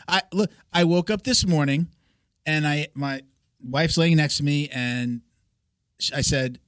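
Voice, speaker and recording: A man in his forties hosts a podcast and tells rambling stories, often restarting his sentences. His voice sits a little higher than most men's. The sound is dry and close, with no room echo. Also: expressive, measured pace, fairly bright tone. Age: 40s. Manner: rambling, storytelling, frequent restarts. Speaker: podcast host. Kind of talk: casual podcast conversation.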